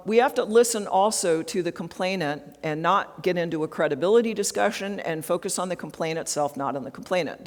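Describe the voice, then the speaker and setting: A woman giving an interactive HR training talk at a conference, often checking in with the audience with tag questions. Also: lowish voice. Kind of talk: interactive workshop presentation. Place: large conference hall. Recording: long hall reverb.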